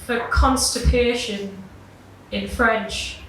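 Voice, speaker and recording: Slow, laughing woman telling a story. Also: on the high side, fairly even intonation, a little hiss or hum. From Britain. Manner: self-deprecating, swears casually, laughs through her lines. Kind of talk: live storytelling performance. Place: live gig venue. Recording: echoey room, voice from far off.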